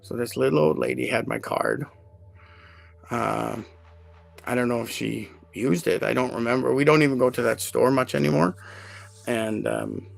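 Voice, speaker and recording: A man hosting a live podcast, telling a personal story in an emotional, animated way with many fillers. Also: medium pitch, normal speed, creaky, pauses often. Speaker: podcast host.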